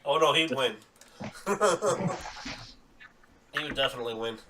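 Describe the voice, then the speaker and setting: A man running a tabletop game as dungeon master, chatty and quick to laugh, talking casually at home. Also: medium pitch. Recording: distant mic with clear background noise.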